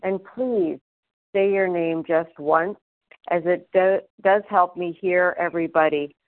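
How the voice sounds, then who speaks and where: A woman's voice: fairly low pitch, steady tone, a little slow, dry recording. A woman chairing a recovery meeting over the phone, polite and procedural. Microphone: phone call. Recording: tinny phone line.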